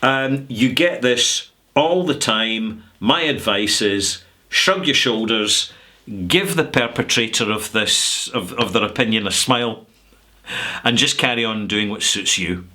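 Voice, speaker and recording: A middle-aged Scottish man holds forth in a chatty, sarcastic vlog rant. He draws out his words for emphasis. His tone is bright and forward. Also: fairly low pitch, measured pace. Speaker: whisky vlogger. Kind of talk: casual rant to camera.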